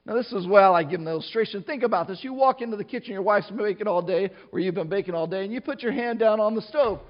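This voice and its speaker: A middle-aged pastor delivers a sermon to his congregation in a relaxed, chatty style, frequently restarting sentences and drifting into asides. He talks fast in a voice that's high for a man, and the recording is muffled and lo-fi.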